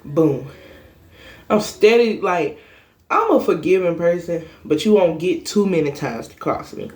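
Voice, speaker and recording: A woman's voice: on the low side, lively intonation, measured pace, darkish tone. A young woman vlogger telling a personal story in a casual monologue, blunt, emphatic and full of cursing.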